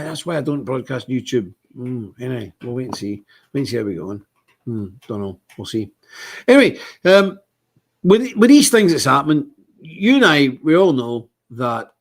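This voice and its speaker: Scottish livestream host with a husky voice, rambling and given to indignant outbursts. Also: male voice, medium pitch. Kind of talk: casual livestream monologue.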